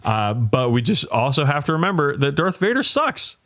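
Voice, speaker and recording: A man co-hosting a comedy podcast, talking in an emphatic, profane way with frequent halting restarts. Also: a little high, very animated, a bit bright. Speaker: podcast co-host. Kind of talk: casual chat.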